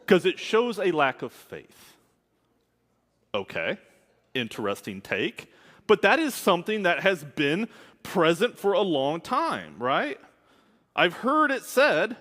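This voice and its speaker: A man's voice: sits high, sing-song, slow, fairly bright tone. A man preaching a sermon as a minister, speaking candidly and conversationally with asides. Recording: long hall reverb.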